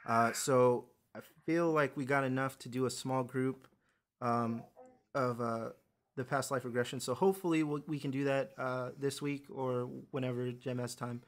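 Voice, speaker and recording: A man's voice: medium pitch, fairly even intonation, moderate pace. A young man hosting a podcast, chatting casually and telling rambling, profane stories. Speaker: podcast host.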